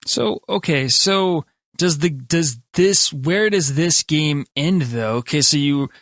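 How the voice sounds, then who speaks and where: A man co-hosting a podcast, asking questions in a halting way with frequent restarts. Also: a little high, lively intonation, fairly bright tone, dry recording, clean studio sound. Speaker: podcast co-host. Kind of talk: casual podcast chat.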